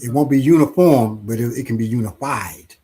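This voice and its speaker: A man, an author, answering interview questions slowly and thoughtfully, often repeating words as he thinks, with a husky voice. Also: medium pitch, warm tone. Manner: acts out quoted voices in playful anecdotes.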